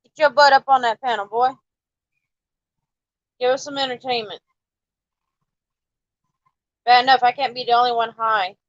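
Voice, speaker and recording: A woman's voice: a little high, fairly even intonation, normal speed, long pauses, dry recording, highs cut off. A woman casually chatting with her livestream viewers, coaxing and teasing them to join in. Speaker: livestream host. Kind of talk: casual live-stream chat with viewers.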